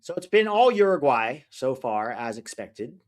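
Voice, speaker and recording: With a mid-range voice that swings widely in pitch, a man unhurriedly hosts a livestream watch-along, reading viewer comments and chatting. He rambles easily, shares casual opinions and often can't recall names mid-sentence.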